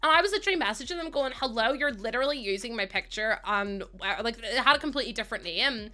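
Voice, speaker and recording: A woman's voice: fairly high pitch, lively intonation, fast, pushed and bright. A young woman chatting casually while streaming a game, telling rambling stories and laughing often. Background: faint background music.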